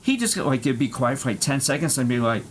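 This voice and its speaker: A man's voice: medium pitch, big pitch swings, a little fast, a little hiss or hum. A man streaming, telling a rambling, profane travel story with lots of fillers and laughs.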